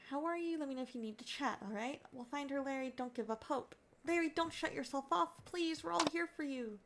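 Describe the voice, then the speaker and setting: A woman voicing a caring young woman friend who speaks gently and reassuringly, reading game dialogue aloud. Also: high voice, a little fast, slight background noise. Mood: soothing.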